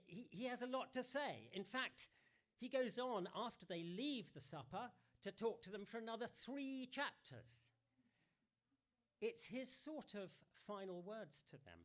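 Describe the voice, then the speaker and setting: A man giving an all-age church talk, playful and chatty, asking the congregation questions. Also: sits high. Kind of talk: sermon.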